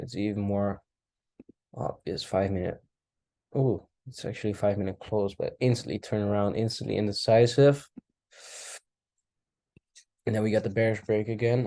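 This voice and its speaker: A man casually talking through a chart recap, thinking aloud with relaxed asides. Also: fairly low pitch, creaky. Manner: relaxed, talks to himself while charting, asides and apologies. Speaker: trading recap host. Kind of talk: casual screen-share commentary.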